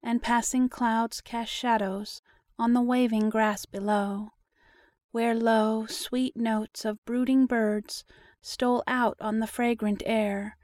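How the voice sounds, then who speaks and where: A woman narrating a storybook poem with a slow, measured recital. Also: a little high, little pitch movement, a little mellow, no room sound, clean studio sound. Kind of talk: reading a story poem aloud.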